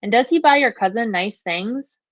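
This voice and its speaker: A woman's voice: fairly high pitch, animated, moderate pace, no room sound, natural voice, poor audio. A woman voicing a persuasive woman detective who coaxes a teenage girl. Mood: coaxing. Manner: coaxing, persuasive.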